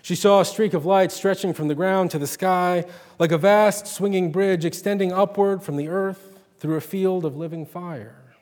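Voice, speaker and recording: A man's voice: sits high, steady tone, moderate pace, a little mellow. Man reading a story in an echoing hall. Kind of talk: reading and retelling a short story.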